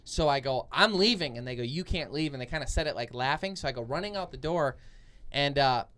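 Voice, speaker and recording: A man's voice: mid-range voice, fast talker, fairly bright tone, smooth. A young man co-hosting a podcast, telling a long dream story in casual chat, full of fillers and restarts. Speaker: podcast co-host.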